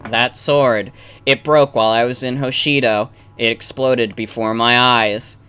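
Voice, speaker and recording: A man's voice: mid-range voice, fairly even intonation, unhurried, pushed and bright, clean tone. A man voicing an earnest young male prince in his own voice, reading game dialogue aloud. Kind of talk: game dialogue read-along.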